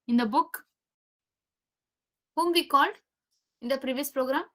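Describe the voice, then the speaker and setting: High-voiced woman teaching code. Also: unhurried, bright, forceful tone. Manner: repeats phrases, quizzes students. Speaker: programming teacher. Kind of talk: live coding lesson.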